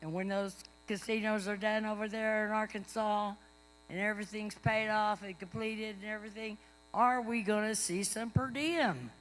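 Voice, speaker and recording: A woman's voice: mid-range voice, fairly even intonation, moderate pace, low-quality recording. A woman at a public meeting bluntly pressing leaders with pointed questions. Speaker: tribal member asking a question.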